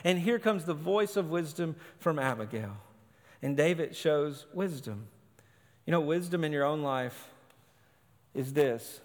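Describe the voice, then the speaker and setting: A man's voice: on the high side, expressive, unhurried. A male pastor preaching a sermon in emphatic, short, punchy phrases. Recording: long hall reverb.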